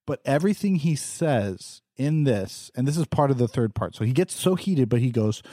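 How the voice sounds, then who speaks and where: A man co-hosting a podcast in casual discussion, reading quotes aloud and reacting to them with animated conviction. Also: medium pitch, moderate pace, hardly any pauses, dry recording, clean studio sound. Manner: animated, reads quotes aloud and talks back. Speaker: podcast co-host.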